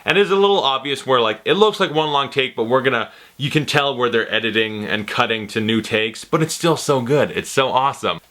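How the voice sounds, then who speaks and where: A man giving a casual, rambling spoken review of a TV series, excitable and full of swearing. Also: medium pitch, fairly quick, hardly any pauses.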